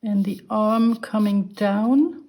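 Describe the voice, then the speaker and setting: A woman teaching a beginners' drawing lesson. She talks slowly and patiently and walks through each step as she sketches. Her voice sits at an ordinary middle pitch. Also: warm tone. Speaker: art teacher.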